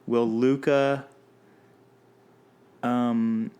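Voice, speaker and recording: A man's voice: medium pitch, level tone, drawn-out words, warm tone, smooth. A man co-hosting a podcast in casual chat, joking with puns and running a quiz game. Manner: playful, punning, runs a quiz game. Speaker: podcast co-host.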